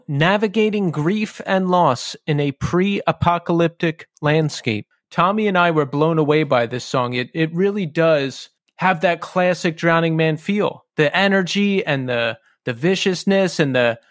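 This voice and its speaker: Eager fan host, higher voice, dry sound. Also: male voice, unhurried, few pauses, dry recording. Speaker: podcast host. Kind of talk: casual podcast interview.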